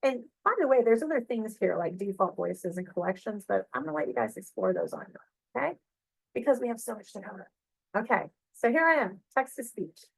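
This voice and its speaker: A middle-aged woman librarian walks through software on a shared screen, chatty and full of fillers and check-ins. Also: a little high, very animated, a little fast, vocal fry, slightly rough, no echo, rough recording. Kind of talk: screen-share tutorial walkthrough.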